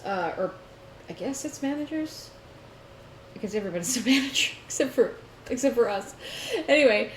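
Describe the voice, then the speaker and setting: A woman co-hosting a casual chat show, telling stories in an animated way and laughing often. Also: medium pitch. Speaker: podcast co-host. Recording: roomy echo, faint noise.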